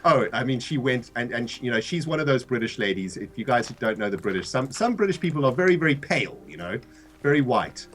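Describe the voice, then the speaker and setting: A man's voice: mid-range voice, fast, a little hiss or hum. A man from South Africa with a South African accent, co-hosting a livestream and telling a story in casual chat. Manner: animated storyteller, laughs often, restarts. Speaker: co-host of a game livestream.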